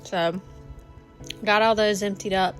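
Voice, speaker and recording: Faint music accompanies a cleaning vlogger as she chats with viewers, saying y'all, while tidying her home kitchen. She speaks slowly in a mid-range voice with fairly even intonation.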